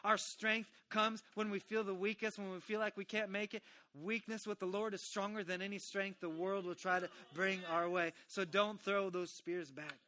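Bright, animated male preacher. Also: high-pitched, normal speed. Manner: animated storytelling with voiced characters. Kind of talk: sermon.

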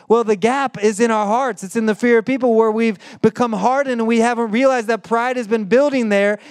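Man, young adult, pastor, sermon, animated, chatty, highish voice, smooth. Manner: animated, acts out quoted voices with sudden high bursts; conversational with frequent "like" fillers.

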